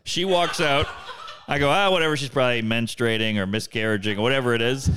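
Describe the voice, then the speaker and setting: A man's voice: mid-range voice, fast, a little hiss or hum. A man, a stand-up comedian, telling a long story in casual conversation and acting out the voices of the people in it. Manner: animated, acts out other people's voices.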